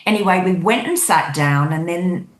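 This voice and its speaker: A woman, a guest on a show, recounting a dream in lively storytelling style and acting out the people in it. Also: on the low side, moderate pace. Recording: echoey room.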